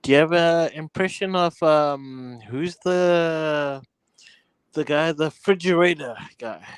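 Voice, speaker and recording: A man co-hosting a casual livestream, eager and interjecting, laughing loudly. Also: on the high side, slow, clear, resonant tone, dry recording. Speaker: co-host.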